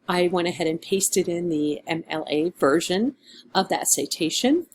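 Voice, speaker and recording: A woman writing instructor talking through comments on a student's rough draft in a casual, thinking-aloud way, with lots of fillers and some dry sarcasm. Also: on the low side, darkish tone, a little hiss or hum. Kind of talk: screen-recorded essay feedback walkthrough.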